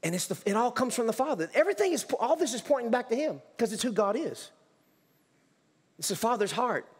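A man's voice: very high-pitched, very animated, fairly quick, slightly rough. A male pastor preaching a sermon in a church, emphatic, with repetitions and restarts. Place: church sanctuary. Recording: church hall reverb.

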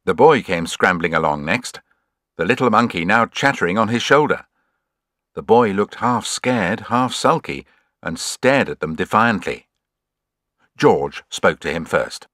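A man narrating a children's adventure audiobook in an expressive, measured storytelling way. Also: lowish voice, no room sound, clean studio sound.

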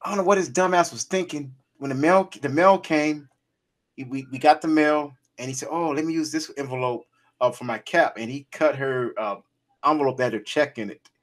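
A man telling childhood stories in casual chat, animated and laughing often, swearing freely. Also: on the high side, fairly quick. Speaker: podcast co-host.

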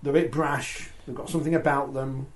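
A man's voice: mid-range voice, fairly even intonation, brisk, a little hiss or hum. A man hosting a sports talk show, chatty and reading out viewer comments. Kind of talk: casual studio discussion.

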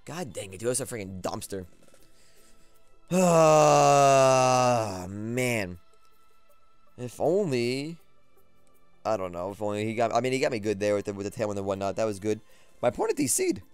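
Excitable young man commenting a game battle. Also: fairly low pitch, fast, hardly any pauses, smooth, dry recording, faint music behind. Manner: excitable, trash-talking, repeats himself. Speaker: gaming commentator.

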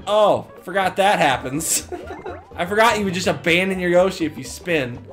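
A gamer giving casual let's play commentary, excitable and jokey, with yelps and mock singing. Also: mid-range voice, normal speed, faint music behind.

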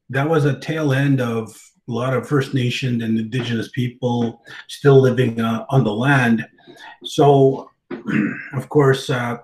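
A man giving an informal presentation, speaking haltingly with many fillers, restarts and throat clearing. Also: mid-range voice, reverberant, rough recording. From Canada. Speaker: guest speaker on language revitalization.

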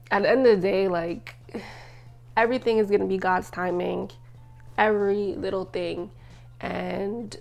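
A woman's voice: medium pitch, vocal fry. A young woman vlogger giving a personal life update to her camera, emotional and tearful at times, talking in a loose chatty way full of "like".

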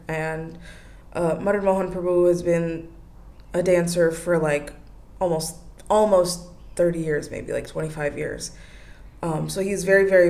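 A young woman hosting a casual solo podcast, chatting with lots of likes and you-knows and laughing often. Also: on the low side. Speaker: podcast host.

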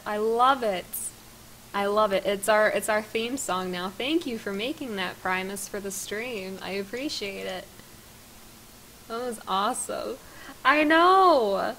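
A woman's voice: a little high, fairly bright tone, slight background noise. A woman streaming a game live, chatting casually, laughing hard and piling on praise. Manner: giggly, bursts into laughter; effusive, repeats praise.

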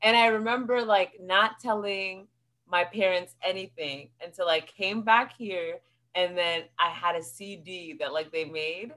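A woman in her twenties, a podcast guest, telling stories in a lively, chatty way and acting out the voices of the people she quotes. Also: fairly low pitch, a little slow. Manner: animated, acts out quoted voices. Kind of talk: casual storytelling interview.

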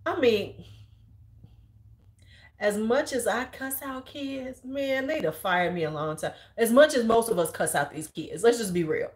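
This high school teacher, a woman in her forties with a Chicago accent, spins her stories unhurriedly during a relaxed chat. Her delivery is foul-mouthed, direct and lively, and she performs the voices of everyone she quotes.

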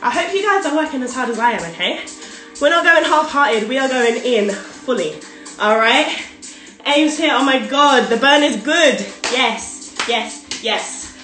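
A woman's voice: high-pitched, animated, a little slow, fairly bright tone, faint music behind. A young woman fitness instructor leading a live workout, counting reps and cheering people on while short of breath from exercising. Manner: upbeat and encouraging, calls out counts and cues. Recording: very echoey room, mic far off.

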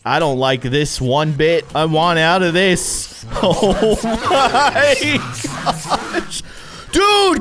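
A man giving let's-play commentary as he plays a game, laughing and breaking into sudden startled shouts. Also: mid-range voice. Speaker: gaming YouTuber.

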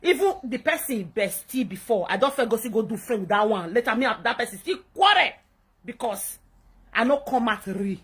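A woman's voice: a little high, animated, a little fast, husky. A woman with a Nigerian accent in a played clip, talking in a rambling, hesitant way. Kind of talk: confessional clip.

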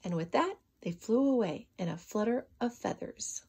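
A woman reading a children's storybook aloud with expressive, sing-song narration. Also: medium pitch, normal speed, slightly rough.

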